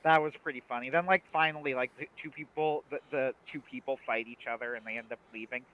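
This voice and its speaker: A man's voice: medium pitch, fast talker, highs cut off. A man in casual podcast chat, animatedly retelling comedy sketches and doing their voices.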